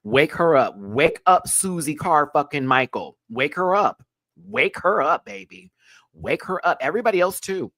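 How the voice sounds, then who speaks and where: A man hosting a live-stream TV review, talking in an animated, emphatic and slangy way with plenty of swearing, jumping between loud bursts and low mutters. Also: normal speed, no echo. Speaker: show host reviewing a TV episode.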